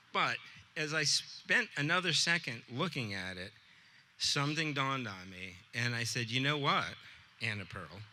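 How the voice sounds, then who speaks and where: A man, an art teacher, telling a personal story to a live audience in a relaxed, conversational way. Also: on the high side, a little hiss or hum. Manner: conversational, acts out dialogue with voices.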